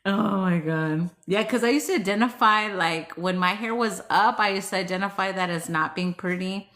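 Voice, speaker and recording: Chatting casually with viewers while reading cards, this young female vlogger keeps things playful, cursing without restraint and laughing a lot. She speaks at a normal pace in a mid-range, fairly bright voice.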